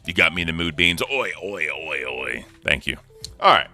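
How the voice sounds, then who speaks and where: A man's voice: extremely low pitch, very animated, moderate pace, vocal fry, sharp tone, soft background music. A man hosting a casual commentary stream, reacting loosely and swearing as he talks. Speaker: stream host.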